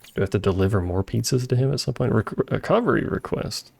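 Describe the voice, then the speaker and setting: A man's voice: medium pitch, lively intonation, fast, vocal fry, darkish tone, husky. A man streaming a game, giving casual, joking commentary and chatting with viewers. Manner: joking, chatty, talks to chat. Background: faint game music.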